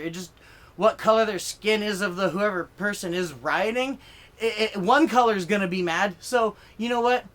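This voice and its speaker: A man's voice: sits high, fairly quick, a bit bright. A man doing a profane comedy rant to camera, fired up and rambling with lots of fillers and swearing. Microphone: filming himself on camera.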